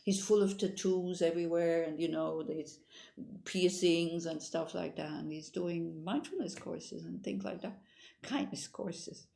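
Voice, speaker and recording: Woman meditation teacher, lowish gravelly voice, rambling storytelling. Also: measured pace, warm tone. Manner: informal, meandering, with frequent restarts. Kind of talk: dharma talk with storytelling.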